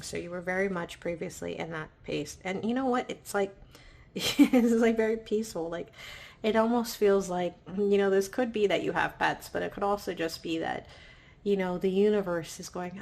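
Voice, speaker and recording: A woman giving a pick-a-pile tarot reading in a gentle, affirming way, often checking in with "right?". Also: mid-range voice, moderate pace, creaky. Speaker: tarot reader.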